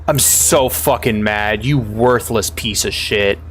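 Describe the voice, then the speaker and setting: A man's voice: fairly low pitch, slow, a bit bright, a little hiss or hum. A man streaming a game live, ranting in exasperation and swearing heavily, often stumbling over restarts as he talks to his viewers. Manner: exasperated profane ranting with frequent stammered restarts.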